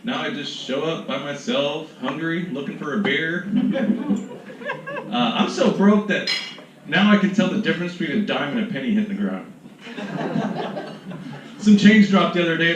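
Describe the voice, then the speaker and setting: A man's voice: fairly high pitch, very echoey. Wry middle-aged man hosting stand-up. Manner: wry, self-deprecating punchlines. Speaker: comedy show host. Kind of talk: stand-up comedy set. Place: live comedy room with audience laughter. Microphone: handheld stage microphone. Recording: distant, dull, noisy live room recording.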